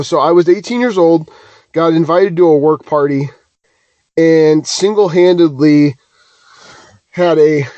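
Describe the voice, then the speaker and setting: Slightly high-voiced, a man co-hosting a podcast tells self-deprecating, rambling stories in an easygoing chat. The recording is dry and muffled, and he's animated, restarting many times.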